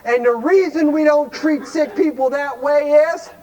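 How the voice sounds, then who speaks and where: This Cleveland, Ohio man has an extremely high-pitched, somewhat dark voice and speaks at a measured pace. Over poor audio, he delivers a blunt, folksy talk at a recovery workshop, constantly firing rhetorical questions at the crowd.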